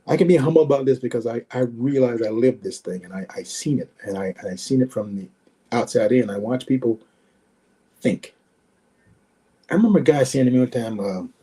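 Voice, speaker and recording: A man in his sixties who used to be a pro running back tells stories as a podcast guest. He speaks emphatically and fairly quickly in a mid-range, expressive voice that is mellow and slightly rough, repeating words and acting out the exchanges he quotes.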